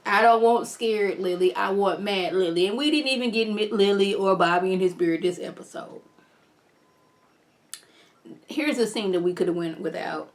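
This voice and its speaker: Woman doing a chatty tv recap vlog, animated, talking right to viewers. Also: medium pitch. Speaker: TV show reviewer. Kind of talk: casual video recap.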